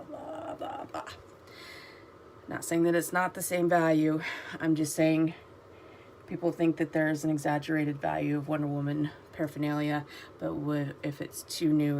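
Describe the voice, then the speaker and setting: A woman's voice: deep voice, vocal fry, darkish tone, a little hiss or hum. A middle-aged woman vlogging at home, chatting in a rambling, digressive way with many ums and an emotional, enthusiastic manner while doing her skincare routine. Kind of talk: casual chatty review during a skincare routine.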